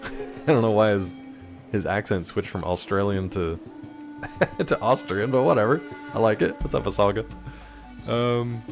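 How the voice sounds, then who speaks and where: A young man chatting casually on a live stream, answering chat and hopping between topics while he plays. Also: fairly low pitch. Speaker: game streamer.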